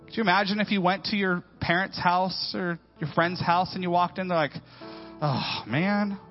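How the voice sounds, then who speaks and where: A man in his forties preaches in a church, dropping to a near hush and then climbing loud as he tells his stories with playful, slangy asides. The sound is dull and lo-fi, with faint music underneath. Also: high voice, fairly quick. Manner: animated storytelling, swinging from hushed to loud. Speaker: pastor. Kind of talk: sermon.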